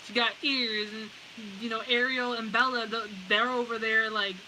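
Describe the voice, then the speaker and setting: A woman's voice: on the high side, normal speed, poor audio. A woman giving a casual pick-a-card tarot reading. She talks bluntly, swears freely and often breaks into laughter. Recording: steady background hiss.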